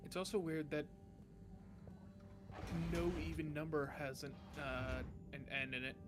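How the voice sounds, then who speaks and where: Male co-host, high voice, laughing crude banter, casual gaming stream. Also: fairly even intonation, unhurried, background noise. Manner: laughing, crude joking interjections. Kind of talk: casual let's-play banter.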